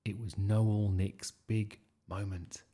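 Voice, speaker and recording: A man reading a children's story aloud in a lively, expressive way. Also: fairly low pitch, takes it slowly, slightly rough. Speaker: storybook reader.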